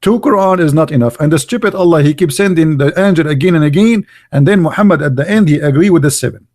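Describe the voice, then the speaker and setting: A man's voice: a little high, quick pace, a little mellow. A man giving a mocking polemical monologue, full of rhetorical questions and broken grammar. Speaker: religious commentator.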